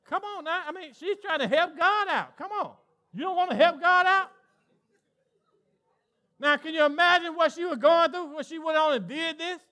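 A male pastor with a Southern US accent, preaching an animated sermon and acting out voices in call-and-response style. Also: very high voice, moderate pace. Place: church sanctuary with congregation.

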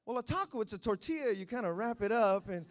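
A man with a notably high, light voice, telling a story from the pulpit. His delivery is animated and repetitive, and he keeps slipping into the voices of his characters. It sounds like a casual sermon given to a congregation in California. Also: fast talker. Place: California church.

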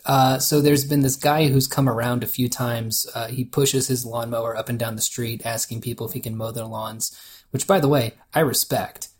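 A man's voice: mid-range voice, darkish tone, husky. A man co-hosting a podcast, casually telling a story, laughing often and quoting people in a loose voice. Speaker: podcast co-host.

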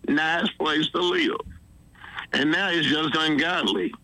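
A man's voice: a little high, slow pace, bright, forceful tone, no room sound, low-quality recording. A man with a Southern accent calling in to a radio show by phone while driving, rambling and exasperated. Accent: Southern US, Alabama. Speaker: caller. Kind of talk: call-in phone chat.

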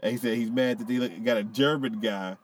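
A man's voice: mid-range voice, brisk. A man chatting casually on a podcast, swearing freely and often laughing. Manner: animated, profane, laughs often. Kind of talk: casual chat.

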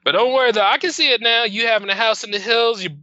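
A man's voice: extremely high pitch, fast talker, bright, forceful tone, dry recording, dull audio. A man from Delaware on a casual podcast, ranting animatedly with laughs. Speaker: podcast guest.

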